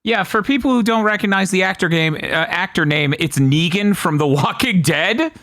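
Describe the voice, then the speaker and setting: A man's voice: high-pitched, normal speed, fairly bright tone. A man co-hosting a casual movie podcast, wry and amused, laughing often as he talks. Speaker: podcast co-host.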